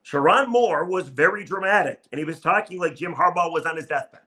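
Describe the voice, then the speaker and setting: Male sports podcast host, upbeat and wry, bright tone. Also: fairly high pitch, a little fast. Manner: wry, self-mocking, animated. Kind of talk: solo podcast, reading listener comments.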